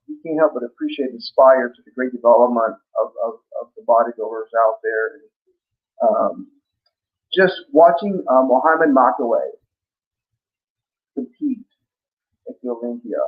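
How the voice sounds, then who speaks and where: A man guest telling stories in a casual interview, rambling with many restarts. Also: medium pitch. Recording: muffled lo-fi audio.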